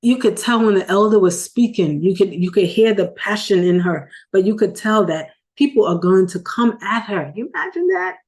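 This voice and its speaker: A woman's voice: medium pitch, moderate pace, few pauses, darkish tone. A woman talking earnestly and emotionally in a casual vlog recorded in her car. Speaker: video host.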